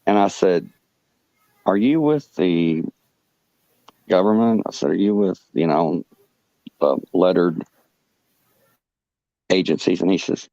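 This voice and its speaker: Very deep-voiced man, halting rambling story. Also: gravelly, mellow, dry recording, dull audio. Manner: halting, full of fillers and restarts. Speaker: podcast guest telling a personal story. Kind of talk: rambling first-person anecdote.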